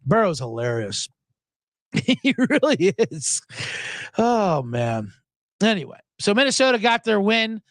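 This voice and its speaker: Animated, high-voiced male sports host. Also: slow pace, long pauses, no room sound, studio quality. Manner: animated, jokey, rambling. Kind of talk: casual sports talk.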